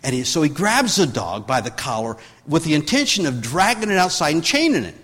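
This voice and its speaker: A man's voice: on the high side, very animated, a little fast, fairly bright tone, long reverb tail. A man preaching a sermon, telling a story with many restarts and rising in force when he drives home his point. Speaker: pastor.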